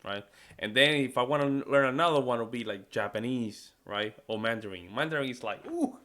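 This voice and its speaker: American guy, reaction host, mid-pitched, rambling, casual commentary. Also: brisk, bright, forceful tone. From United States. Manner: loose, repeats himself, ends lines with "man" and "right?".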